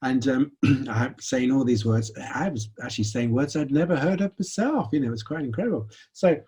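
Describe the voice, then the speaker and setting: A man giving a lecture, telling a personal story in a conversational, animated way. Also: medium pitch, fairly quick, slightly rough.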